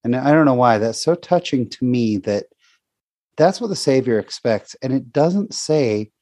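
A man hosts a relaxed faith conversation, speaking with open emotion and wandering through his thoughts. His voice sits in an ordinary middle range, recorded close and dry. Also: medium pitch, unhurried, dry recording. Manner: heartfelt, rambling, restarts often. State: near tears. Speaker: podcast host.

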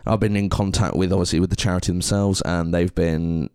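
Earnest deep-voiced man. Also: fairly even intonation, fairly quick, darkish tone, clean tone, dry recording, studio quality. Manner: earnest and heartfelt. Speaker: podcast co-host. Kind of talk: casual podcast chat.

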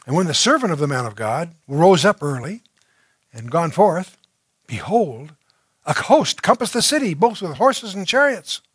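A man with a fairly high voice teaches through scripture verse by verse. He reads a passage aloud, then explains it in a conversational, unpolished way, with fillers and restarts. The recording is dry, with no room echo. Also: sing-song, moderate pace, a bit bright, husky. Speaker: Bible teacher.

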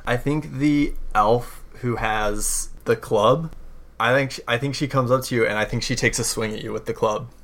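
A man narrating a tabletop role-playing game as game master, halting and full of fillers. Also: medium pitch, steady tone, a bit bright.

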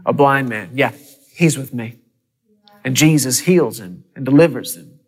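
A man preaching a sermon in a church, lively and dramatic, with fast bursts and sudden hushed drops. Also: medium pitch, slightly rough. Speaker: pastor.

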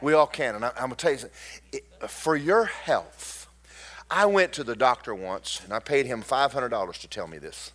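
A man preaching a sermon as pastor, exhorting and joking with his congregation and rising to shouts. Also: medium pitch, lively intonation, moderate pace.

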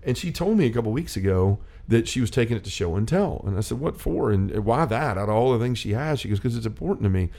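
Man, middle-aged, mellow warm tone, earnest storyteller, casual faith talk. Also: on the low side, lively intonation, fast talker, hardly any pauses. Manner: earnest storytelling, many restarts and quoted dialogue. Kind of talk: faith-based casual chat.

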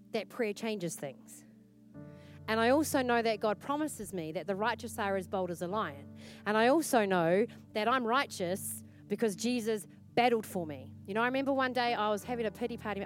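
A woman pastor with a New Zealand accent preaching a sermon in a church, earnest and exhorting, repeating her points for emphasis. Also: mid-range voice.

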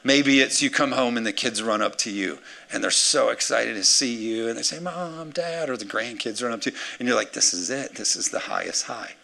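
Man, pastor, sermon, gravelly edge, bright forceful tone, playful asides. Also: mid-range voice, fairly quick, few pauses. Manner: energetic preaching with playful acted asides.

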